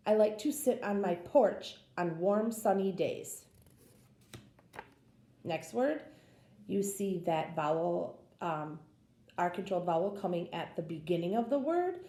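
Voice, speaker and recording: A woman's voice: lowish voice, dark tone, echoey room. A woman teaching a phonics lesson, patiently sounding out words for young learners.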